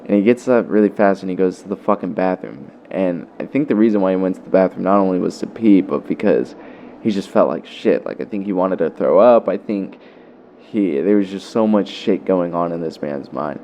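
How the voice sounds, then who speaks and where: A man's voice: low voice, lively intonation, brisk, mellow, slight background noise. A young man vlogger telling a story in a loose, profane way, full of fillers. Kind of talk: casual storytelling.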